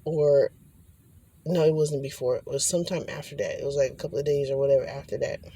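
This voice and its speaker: Fast and steady, with a rumbling low, dark voice, a spiritual vlogger rambles casually into the camera. She cusses freely and keeps slipping into acted-out quotes, while a little hiss or hum sits under the recording.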